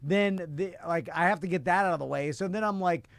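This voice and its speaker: A man's voice: sits high, a little fast, vocal fry, no room sound. A man co-hosting a live talk stream, chatting casually and laughing a lot while he rambles. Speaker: co-host.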